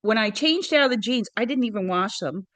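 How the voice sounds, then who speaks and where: A middle-aged woman telling a personal story in an interview, earnest and hesitant, with frequent pauses and restarts. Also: fairly high pitch, expressive, a bit bright, no room sound. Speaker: interview guest.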